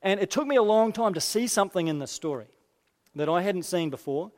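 A man preaching a sermon expressively, dropping quiet and low for quoted lines. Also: lively intonation, fairly quick. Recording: long hall reverb.

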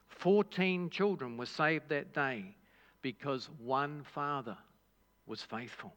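A male pastor preaching slowly and deliberately, his slightly high voice leaving pauses between phrases. The sound is a little dull, with a long hall reverb behind him. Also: fairly bright tone. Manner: measured storytelling delivery with dramatic pauses. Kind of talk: sermon.

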